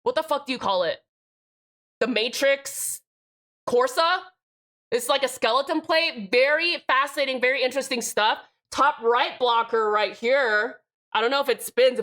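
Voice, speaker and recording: A woman's voice: high-pitched, moderate pace, fairly bright tone. A woman live streamer chatting casually with her chat, joking and swearing, with rambling restarts. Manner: profane, joking, reads out chat names.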